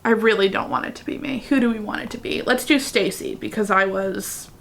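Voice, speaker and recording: A woman's voice: medium pitch, fairly quick, creaky, a bit bright. A woman vlogger reading fan fiction aloud in a casual way, breaking off into chatty, giggly asides. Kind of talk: casual reading vlog with commentary.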